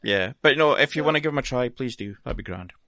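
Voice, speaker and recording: A man's voice: mid-range voice, animated, fast talker, pushed and bright, no room sound, clean studio sound. A Scottish man chatting casually on a podcast, laughing often and swearing in a self-deprecating way. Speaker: podcast guest presenter. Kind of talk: casual chat.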